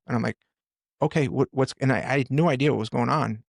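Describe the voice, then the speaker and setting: An earnest middle-aged man tells his story in a gravelly voice, stopping and starting as he goes. He sits close to the mic, with a dry sound. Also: medium pitch, dry recording. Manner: earnest, halting, with many restarts. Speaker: podcast guest, firefighter and author. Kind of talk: storytelling in a conversation.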